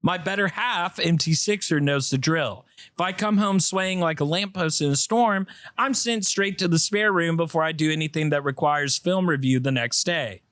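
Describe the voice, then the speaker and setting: Animated man reading a comic letter. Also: on the high side, normal speed, no room sound. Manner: animated storytelling, breaks into laughter. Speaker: podcast co-host. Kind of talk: reading a listener voicemail aloud, comic. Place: podcast studio.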